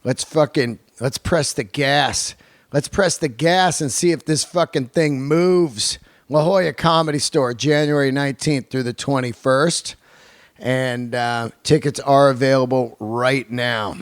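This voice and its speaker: A man's voice: mid-range voice, unhurried, dry recording, clean studio sound. A man hosting a podcast, reading sponsor spots and chatting in a casual, profane, rambling way. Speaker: podcast host and comedian. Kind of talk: casual podcast talk and ad reads.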